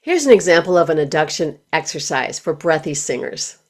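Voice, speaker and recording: A woman voice teacher giving scripted instructional narration, speaking in a clear, measured, explanatory way. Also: sits low, big pitch swings.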